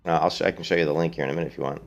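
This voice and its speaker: A man with a very low voice chats through a let's-play stream, answering viewers in a blunt, opinionated way. Faint game music runs underneath his talk. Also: steady tone, racing, creaky, lo-fi sound. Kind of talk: casual let's-play commentary.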